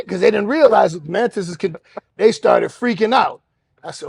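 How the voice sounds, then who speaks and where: Gravelly high-voiced man telling a story. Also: moderate pace, dry recording. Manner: acts out other voices, shouting and laughing. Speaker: podcast host. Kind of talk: animated storytelling.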